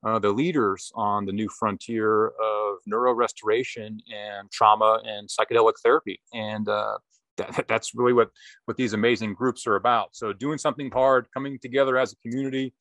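A man's voice: on the low side, fairly even intonation, moderate pace, a bit bright, dry recording. Casual rambling man. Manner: rambling, profane, laughs often. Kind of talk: casual chat.

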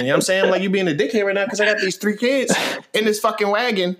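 A man's voice: sits high, fairly even intonation, very fast, a bit bright. A man in his thirties telling a story animatedly in casual chat, cursing freely as he recounts it.

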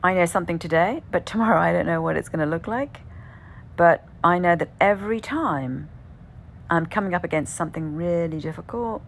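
Low, gravelly-voiced woman telling a personal story. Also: a little fast, slight background noise. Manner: conversational, often asks "right?", swears casually.

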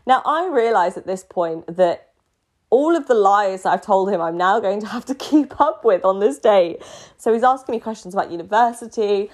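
A woman's voice: mid-range voice, lively intonation, moderate pace, a little mellow. A young woman with a British accent, telling a personal story in a casual, self-mocking way and often laughing. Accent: British English.

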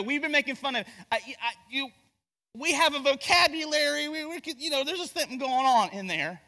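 High, bright Southern preacher in a hall. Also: male voice. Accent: Southern US, North Carolina. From Gastonia, North Carolina. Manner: conversational and joking, with repeated restarts. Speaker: pastor. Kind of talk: sermon. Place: church sanctuary.

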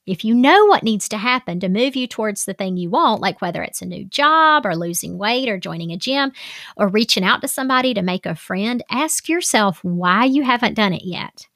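A woman's voice: mid-range voice, expressive, moderate pace, fairly bright tone, no room sound. Chatty woman life coach, dry sound. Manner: chatty, frequent "like" fillers. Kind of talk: casual self-help advice talk.

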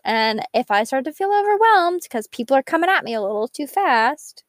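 With a high pitch, big swings and a brisk pace, this young woman tells her own recovery story openly. Chatty and upbeat, she leans on "like" constantly; the studio recording has no echo.

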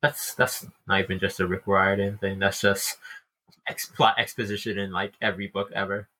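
A man's voice: sits low, level tone, normal speed, bright, forceful tone, slightly rough, poor audio. A man co-hosting a book podcast, recapping chapters with dry, wry asides. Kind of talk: casual chat recapping a book.

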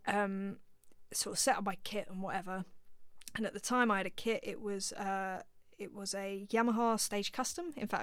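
A woman's voice: mid-range voice, smooth, dry recording. A woman, a drummer being interviewed, telling a self-deprecating story and acting out the lines of the people in it. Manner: animated, self-deprecating, acts out quoted lines. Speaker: session drummer, interview guest. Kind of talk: conversational storytelling.

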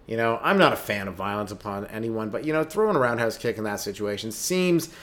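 A Canadian man in his thirties, a stand-up comedian riffing through a rambling comedic monologue and slipping into quick put-on voices for the people in his stories. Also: lowish voice, animated, a bit bright. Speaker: stand-up comedian hosting a podcast.

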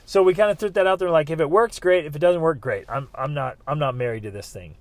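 A middle-aged man tells a personal story with lively energy and acts out the people he quotes. His voice sits slightly high. The recording is close and dry, with no room sound. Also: fast talker, dry recording. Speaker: speaker telling a personal story. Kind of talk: animated storytelling.

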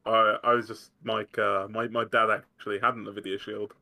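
A man with a lowish, gravelly voice talks in a casual podcast chat. He rambles with many fillers and laughs easily. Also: little pitch movement, normal speed, bright, forceful tone.

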